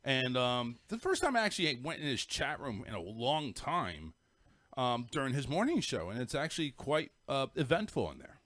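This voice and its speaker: A middle-aged host from the northern US, chatting casually on his show, rambles through a story, restarting sentences and repeating words. The dry recording captures a mid-range, sing-song voice with a fairly bright tone at a moderate pace.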